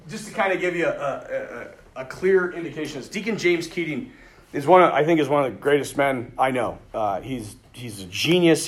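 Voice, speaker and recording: A priest speaking to a group of men, telling lively stories with quoted dialogue and frequent laughter. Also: male voice, a little high, slight background noise. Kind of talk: storytelling talk to a men's retreat.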